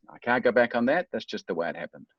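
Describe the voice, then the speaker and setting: A middle-aged man appears as a guest in a talk, telling his life story earnestly, reflectively and with self-deprecation. His medium-pitched voice is expressive and quick, in a muffled recording with no room sound.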